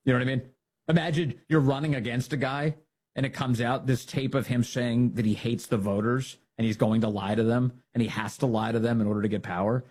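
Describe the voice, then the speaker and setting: Sarcastic, husky-voiced male talk host. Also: medium pitch, steady tone, a little fast, a little mellow. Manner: sarcastic, mocking, acts out quoted voices. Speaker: political commentary host. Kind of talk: opinionated political talk monologue.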